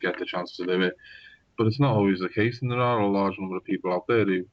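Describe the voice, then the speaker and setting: Low-voiced Scouse man chatting. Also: steady tone, fast talker, no room sound, lo-fi sound. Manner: rambling, many fillers and restarts. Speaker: novelist. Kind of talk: casual podcast conversation.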